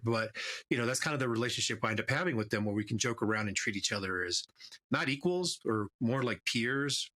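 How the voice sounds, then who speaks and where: A man in a casual chat talking about teasing teenagers, blunt and crude in a deadpan way. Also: on the low side.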